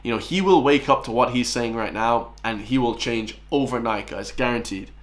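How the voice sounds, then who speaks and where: A scornful man in his twenties rants as a reaction commentator, speaking at a moderate pace in a mid-range voice. He's combative and addresses his viewers as "lads" and "guys."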